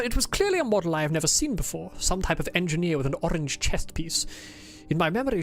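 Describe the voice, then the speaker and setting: A woman voicing a pompous, insufferable male officer as she reads his game diary aloud in a stiff, formal put-on accent. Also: lowish voice.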